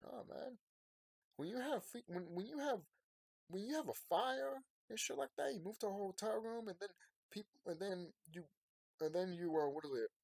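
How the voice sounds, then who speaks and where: A man talking to his viewers in a rambling late-night monologue. He sounds sleepy and yawning, and he swings from quiet, tired musing to loud ranting. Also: high voice, expressive, normal speed, gravelly, no room sound. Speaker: vlogger.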